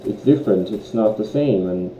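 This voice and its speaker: Rambling Irish teenage boy, low dark voice. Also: moderate pace. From Ireland. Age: teens. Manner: rambling, hesitant with many ums, laughs often. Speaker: student vlogger. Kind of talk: casual rant to camera. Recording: lo-fi, echoey room, faint hiss.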